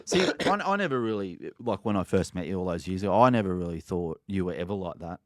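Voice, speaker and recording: A man's voice: low voice, expressive, fast talker, dry recording, studio quality. A man co-hosting a podcast in candid casual chat, supportive and laid-back, swearing casually. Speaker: podcast co-host.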